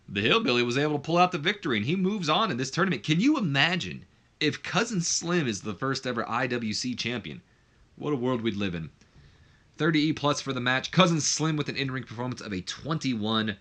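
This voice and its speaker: A man's voice: mid-range voice, pushed and bright. A man hosting a let's play, commenting casually on a wrestling management game in a rambling way and often correcting himself.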